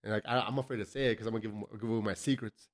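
A man's voice: lowish voice, fairly even intonation, very fast. A man from El Paso hosting a loose, profane podcast chat, telling stories and laughing often. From South Side El Paso, Texas. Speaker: podcast host. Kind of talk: casual chat.

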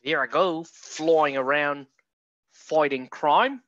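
A man's voice: a little high, slow pace, fairly bright tone, no room sound, dull audio. A man hamming up a cheesy Aussie superhero. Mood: goofy. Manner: jokey, exaggerated Aussie accent put on badly. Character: cheesy Australian male superhero, jetpack-flying.

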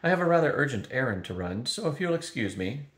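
An older man voicing a brisk, practical young princess who serves dragons, hurried and politely impatient in a storybook reading. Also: mid-range voice, big pitch swings, voice pushed up, lightly acted. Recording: roomy echo.

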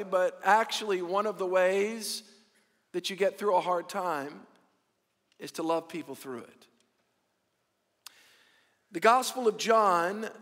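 A man's voice: high-pitched, fairly bright tone. A man preaching a sermon as pastor, with a folksy, joke-telling manner. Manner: folksy storytelling with joke voices. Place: church auditorium. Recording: reverberant hall.

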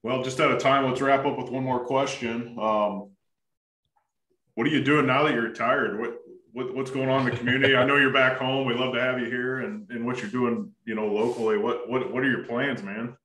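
A man hosts a casual interview with short, upbeat questions. His voice has an ordinary pitch. The recording is roomy, and he sits away from the mic. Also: steady tone, fairly quick, pushed and bright. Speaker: host. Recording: echoey room, mic at a distance.

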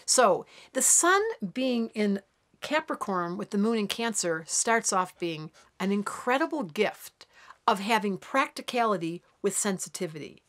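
A woman astrologer gives a daily horoscope straight to her viewers. Her delivery is chatty and animated. She slips into quick character voices to act out the signs. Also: medium pitch. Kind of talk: daily horoscope talk to camera.

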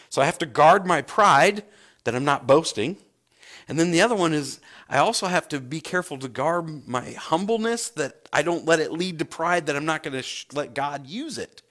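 A male pastor preaching a sermon, telling stories and acting out the voices of the people in them. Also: fairly high pitch. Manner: animated storyteller, acts out voices. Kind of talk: sermon with storytelling.

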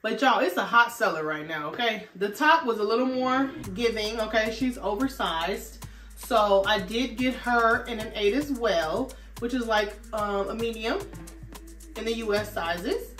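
A woman's voice: on the high side, unhurried, distant mic. Sassy woman chatting in an echoey room. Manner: sassy, animated, talks straight to viewers with lots of "okay" and "y'all". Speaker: fashion vlogger. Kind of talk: casual try-on haul chat. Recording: echoey room, voice off-mic, faint music.

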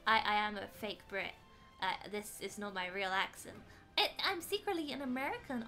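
A woman's voice: medium pitch, very animated, normal speed, bright, forceful tone. A young British woman chatting playfully while streaming a game, exclaiming as she plays. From Britain. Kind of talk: casual gaming stream chat. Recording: faint background music.

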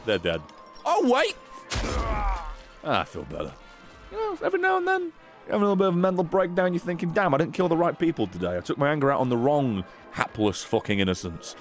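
A man streaming a violent game, giving sarcastic, sweary commentary that swings between low mutters and sudden shouts. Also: huge pitch swings, brisk. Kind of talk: comedic gameplay commentary. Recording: game music behind voice.

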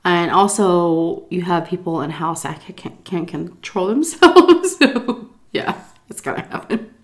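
A woman's voice: on the low side, lively intonation, unhurried. A woman vlogger telling a story while eating, tipsy from shots, rambling, swearing freely and laughing often. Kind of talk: casual storytime chat.

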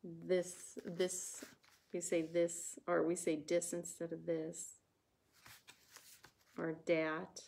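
A woman with a Wisconsin accent hosts a relaxed craft livestream. She talks at an unhurried pace and chats with her viewers while she keeps working. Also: lowish voice, gravelly. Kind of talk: casual livestream craft chat.

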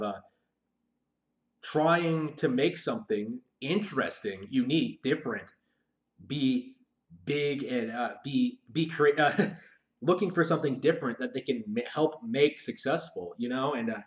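Male vlogger, mid-range voice, halting and frustrated, lots of ums and restarts, slightly muffled lo-fi recording. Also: medium pitch. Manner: halting, many fillers and repeated restarts; frustrated, searching for words. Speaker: aspiring novelist vlogger. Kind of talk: unscripted monologue to camera.

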